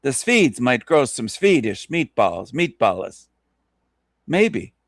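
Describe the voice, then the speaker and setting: A man hosting a solo radio monologue, ranting emphatically and repetitively with mocking chuckles and sudden jumps in pitch. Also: no room sound, clean studio sound. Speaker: radio show host.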